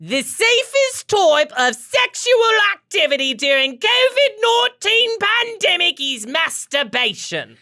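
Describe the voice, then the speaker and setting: A woman putting on a loud, falsetto, theatrical British accent to read a notice aloud in a sing-song way. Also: very animated, a little slow, hardly any pauses, heavily acted. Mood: bellowing. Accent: mock British, theatrical. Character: loud shrill put-on British woman announcer.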